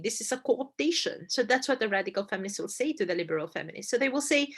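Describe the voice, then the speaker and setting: A woman's voice: fairly high pitch, expressive, fast, hardly any pauses, fairly bright tone, breathy edge. A woman giving a casual debate lecture, conversational and emphatic, often tagging points with "right?" and repeating phrases for stress. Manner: conversational, frequent "right?" and "you know" asides.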